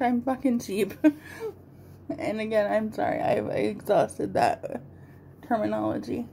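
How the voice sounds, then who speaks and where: Woman, 30s, home makeup vlogger; chatty rambler with a gravelly edge, faint hiss behind. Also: on the high side, slow, long pauses, dark tone. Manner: rambling, chatty, swears casually. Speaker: beauty vlogger. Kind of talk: casual rambling chat while doing makeup.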